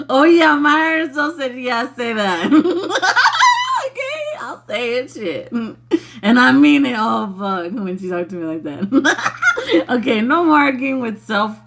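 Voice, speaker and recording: This young adult woman hosts a spiritual livestream, chatting casually with her viewers while giggling constantly and swearing freely. Her voice sits high and sounds a bit bright.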